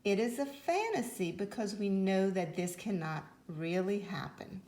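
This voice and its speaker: A woman teaching a phonics lesson to young children, speaking slowly and clearly in an encouraging way. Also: mid-range voice, animated, mellow. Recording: roomy echo.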